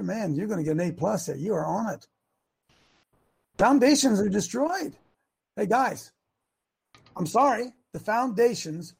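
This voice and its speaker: A man hosting a talk show, giving a folksy, preachy monologue with many restarts that builds to shouting. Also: high voice, gravelly, breathy edge. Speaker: host.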